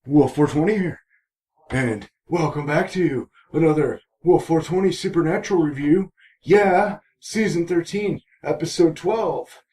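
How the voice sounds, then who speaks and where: A man's voice: a little high, lively intonation, unhurried, a little mellow. A man recapping a TV episode in a casual vlog, rambling and cracking self-mocking jokes. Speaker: TV episode reviewer.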